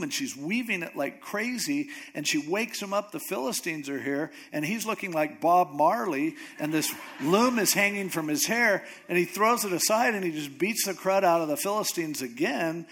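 A man preaching a sermon, retelling a story in a lively, joking way with asides. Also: on the high side, normal speed, few pauses.

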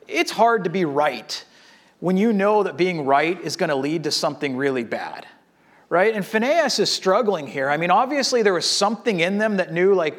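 A man preaching a sermon in a conversational, animated way, acting out the people in the story. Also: a little high. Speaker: pastor.

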